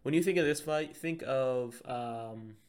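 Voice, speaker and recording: Excitable man hyping up fight picks. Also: medium pitch, a little slow. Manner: excitable, profane, hypes up his picks. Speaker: podcast co-host. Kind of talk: casual chat.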